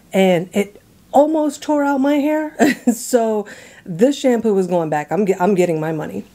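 Mellow-voiced woman telling a story. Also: mid-range voice. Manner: animated, laughs often, drops to hushed asides. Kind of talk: casual personal storytelling.

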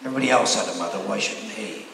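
A man's voice: on the low side, very fast, creaky, far from the mic, crowd noise. A man, an actor, answering fan questions at a convention panel in a wry, rambling, candid way. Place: large convention hall. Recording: echoey hall heard from afar.

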